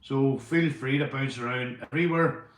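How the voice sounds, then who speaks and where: A man's voice: mid-range voice, moderate pace. Northern Irish male streamer, casual and repetitive, some swearing, echoey room. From Northern Ireland. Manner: rambling, repeats phrases, swears casually. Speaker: livestreamer. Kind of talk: casual livestream chat.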